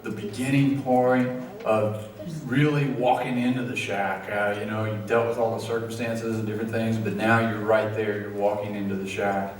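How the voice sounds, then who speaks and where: A man leading a church study group, talking in a halting way with many fillers, and at times emotional. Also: medium pitch. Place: church hall. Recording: echoey room, far from mic.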